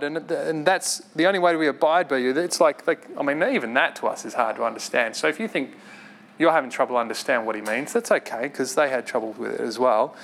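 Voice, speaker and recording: A man preaching a sermon in an earnest, conversational way, with quick asides and light laughs. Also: a little high, fairly bright tone.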